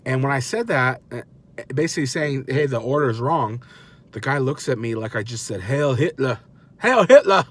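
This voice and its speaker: A man in his thirties telling a story in a casual, animated, self-mocking way and acting out the people he quotes. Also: mid-range voice, a little fast. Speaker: vlogger dad.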